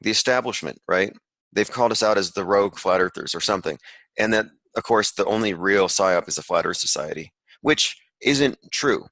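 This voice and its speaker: A man gives sarcastic, rambling commentary to an online call, reading pieces of an article aloud with frequent asides. His voice sits a little low but sounds bright and forceful. The sound is close and dry, with no room around it. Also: a little fast, no echo, low-quality recording. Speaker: podcast host.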